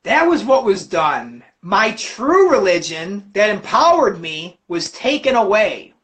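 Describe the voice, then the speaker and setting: A man hosting a livestream, ranting about religion with constant cursing and animated storytelling. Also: sits high, slow. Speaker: livestream host. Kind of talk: profane religious rant.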